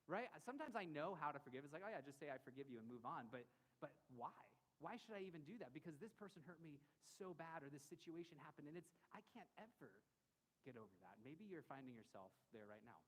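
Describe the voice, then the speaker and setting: Pastor, thirties, male: quick, slightly high, casual sermon voice with a light joking touch, recorded in a church hall with long reverb. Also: sing-song. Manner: conversational, jokey, asks the congregation questions. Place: church sanctuary.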